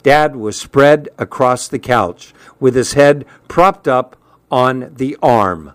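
A man reading a first-person story aloud, unhurried and even. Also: medium pitch, no room sound. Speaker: narrator.

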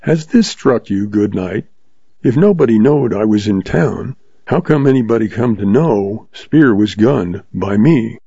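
A man's voice: lowish voice, lively intonation, a little slow, vocal fry, dark tone, husky, no echo, full character voice. A man voicing a tough young male cowboy investigator in a terse, tart way, with a dull, dry, lo-fi sound. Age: young adult.

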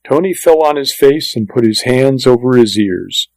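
A man giving scripted audiobook narration in a steady, even storytelling delivery. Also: mid-range voice, normal speed, no echo, rough recording.

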